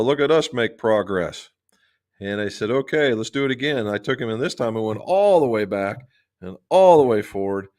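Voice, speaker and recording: A man hosting a casual golf livestream. He tells folksy stories from his club-fitting shop and answers viewers' questions in a relaxed, chatty way. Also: fairly low pitch, clean tone.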